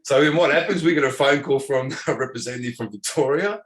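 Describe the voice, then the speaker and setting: A man in his forties with an Australian accent, a former footballer telling an animated story in conversation and acting out what others said. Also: mid-range voice, fast. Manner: animated storyteller who acts out dialogue and laughs often.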